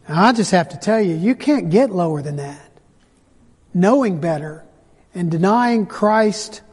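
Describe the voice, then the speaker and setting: High-voiced preacher man in a reverberant hall. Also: darkish tone. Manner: dramatic storytelling, slows for emphasis. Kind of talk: sermon.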